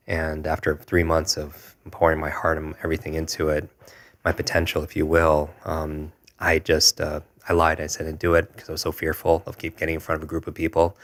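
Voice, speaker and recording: Man in his forties, extremely deep voice, even and level delivery, earnest reflective storytelling, podcast guest. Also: a little fast, gravelly. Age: 40s. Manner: earnest, reflective, with hesitant restarts. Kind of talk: personal storytelling in a conversation.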